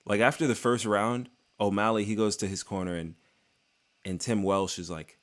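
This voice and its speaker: A man giving a casual, excitable fight recap on his channel, joking and talking in slang. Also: on the low side, normal speed. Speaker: MMA YouTuber.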